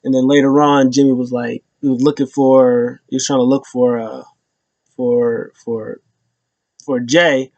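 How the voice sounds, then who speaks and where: A man casually recapping wrestling, rambling with lots of fillers and restarts, jumping into loud high voices when he quotes people. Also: level tone, unhurried, no echo, muffled recording.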